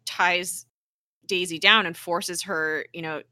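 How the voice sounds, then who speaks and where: A woman's voice: lowish voice, dry recording. A young woman co-hosting a casual podcast, recapping a TV episode, swearing freely and acting out the characters' lines. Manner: animated, swears freely, acts out characters' lines in quick voices. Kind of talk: casual chat.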